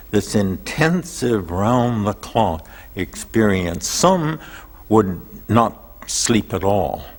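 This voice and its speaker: A man speaks as an interview guest, unhurried and reflective, his low voice rising and falling with strong expression. The recording carries a long, lingering hall reverb. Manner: slow, thoughtful, expressive. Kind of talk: reflective personal storytelling.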